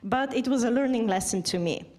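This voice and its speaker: A woman doctor gives a casual, chatty testimony at a church gathering, full of filler words and little scenes she acts out. Her voice sits high for a woman. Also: a little fast. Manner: chatty, animated, acts out dialogue.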